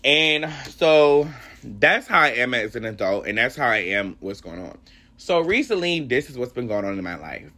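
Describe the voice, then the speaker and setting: Young adult man, solo podcast host; heartfelt, rambling faith talk with a bright, animated voice. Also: medium pitch, normal speed.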